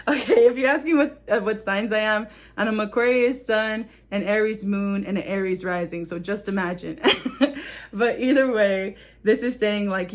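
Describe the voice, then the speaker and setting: Young woman doing a tarot reading, talks casual and chatty, laughs a lot, keeps saying okay. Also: medium pitch. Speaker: tarot reader.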